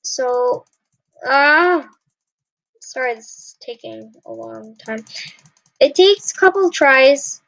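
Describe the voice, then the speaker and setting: In a high, animated, slightly bright voice with some creak, this young gaming channel host speaks slowly and leaves long pauses. She comments casually on her gameplay, often frustrated and apologizing to viewers. The recording is dry and dull, with a lo-fi sound.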